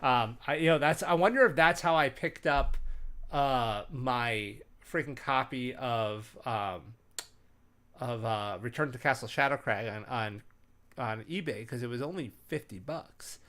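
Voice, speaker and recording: Male host with a middle-pitched voice, casual and rambling, full of fillers and restarts, livens up when he tells stories over a computer mic. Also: measured pace. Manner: animated storyteller. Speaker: host sharing game-master tips. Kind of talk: casual chat.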